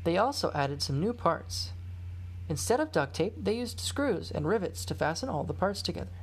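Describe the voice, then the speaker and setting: A woman reads a children's storybook aloud with measured expression. Her voice is low and breathy. Her pitch moves in a lively way through the telling. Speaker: storybook reader. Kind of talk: storybook reading.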